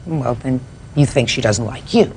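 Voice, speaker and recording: Low, commanding older woman judge; cuts straight to the point in a courtroom. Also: moderate pace, a little mellow, slight background noise. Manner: blunt, commanding. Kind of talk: courtroom questioning.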